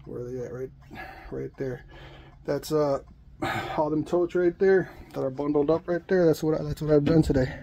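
A man's voice: on the high side, moderate pace, gravelly, warm tone, lo-fi sound, a little hiss or hum. A man, a delivery driver, venting to his phone camera about his job, out of breath, frustrated and swearing as he talks. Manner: frustrated, ranting, swearing, repeats himself. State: out of breath and sweaty. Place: in a delivery van.

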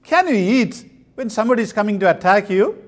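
Man from india preaching slow, voice swings up and down a lot, fairly high. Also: expressive. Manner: slow, emphatic preaching with pauses. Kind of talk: sermon. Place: convention hall.

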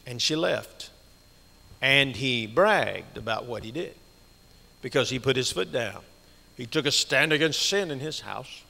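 A man's voice: fairly high pitch, animated, moderate pace, gravelly, sharp tone. A man preaching a sermon as a guest speaker, telling stories earnestly and asking the congregation rhetorical questions. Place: church sanctuary. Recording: long church reverb.

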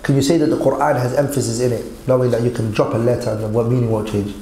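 A man's voice: medium pitch, flat delivery, quick pace, dark tone, roomy sound, a little hiss or hum, poor audio. A man teaching Arabic grammar in an online lesson, quizzing his students and mixing Arabic quotes with English.

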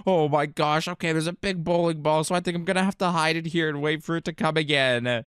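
A player in a game role-play, teasing a partner and exclaiming often in excitement. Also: mid-range voice, fast, clean tone, no room sound, clean studio sound. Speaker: game player voicing Baby.

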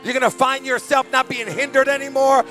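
A man preaching a fervent deliverance sermon as pastor at a church service, shouting commands. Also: extremely high pitch, steady tone, a little fast, faint music behind.

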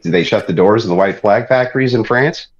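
A lower-voiced man from Ireland rants on a podcast, swearing freely and mocking his guests with exasperated sarcasm. The sound is muffled and a bit lo-fi. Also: brisk. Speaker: show host. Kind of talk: ranting podcast banter.

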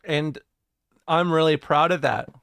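Jokey, rambling streamer guy, slightly high voice. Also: fairly even intonation, a little slow, a bit bright, clear, resonant tone, no room sound. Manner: rambling and jokey, swears, laughs often, reacts to chat. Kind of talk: casual live-stream chat, reading chat aloud.

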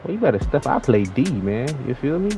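A young man giving slangy, excitable trash-talk commentary over his own basketball video game play. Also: mid-range voice, fairly quick, slight background noise, poor audio. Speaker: gaming YouTuber. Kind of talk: live gameplay commentary.

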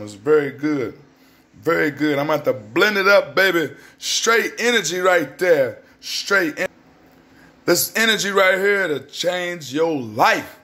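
A man gives an upbeat, preachy motivational vlog, often saying things twice. His voice sits high for a man. He is recorded in a roomy, echoing home kitchen. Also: pushed and bright. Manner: upbeat, preachy, repeats phrases. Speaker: vlogger and healthy-lifestyle promoter. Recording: roomy, echoey room.

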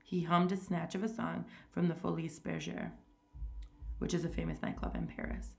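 A woman reading a short story aloud in a steady, plain manner, with small stumbles. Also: on the low side, normal speed, vocal fry. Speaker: reader.

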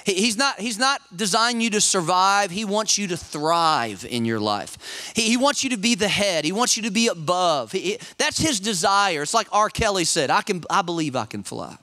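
A man in his forties, a senior pastor, telling a lively personal story in a sermon with quick restarts and repeated words. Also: sits high, dry recording.

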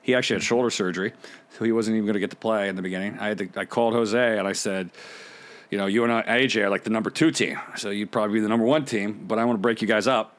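A man's voice: on the low side, racing. Laughing storyteller man, middle-aged. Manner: animated, laughs often, acts out other people's lines. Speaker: podcast guest, former pro beach volleyball player. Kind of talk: casual storytelling.

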